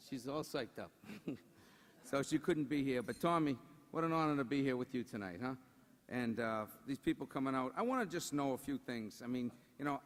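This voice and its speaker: Brief: man, high bright voice, roast comic working the room with quick asides, big hall reverb. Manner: joking, rhetorical asides to the crowd. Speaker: roast speaker. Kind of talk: roast comedy routine.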